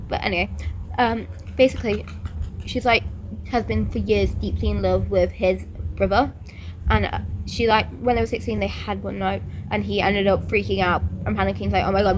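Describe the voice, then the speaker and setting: Chatty woman outdoors. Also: medium pitch. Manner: chatty, gushing, fills speech with "like". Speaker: book vlogger. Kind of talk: casual chat. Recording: outdoor recording with traffic noise. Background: passing traffic.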